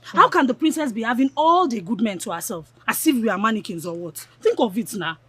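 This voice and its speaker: A woman's voice: fairly high pitch, lively intonation, a little fast, bright, forceful tone, husky, full character voice. An actress playing a jealous, scheming young village woman who scorns and insults her friends. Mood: indignant. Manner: scornful, insulting, stammers when angry.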